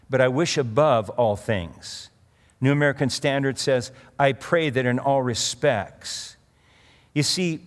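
A middle-aged male pastor giving a sermon in a conversational way, with asides and restarts as he tells a story. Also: a little high. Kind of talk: sermon with personal anecdote. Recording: long reverb of a large hall.

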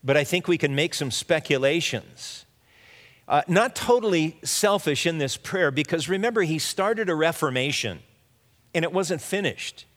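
A pastor giving a conversational sermon, teaching through a Bible passage with frequent restarts and asides. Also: male voice, a little high, animated, normal speed, fairly bright tone. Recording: long hall reverb.

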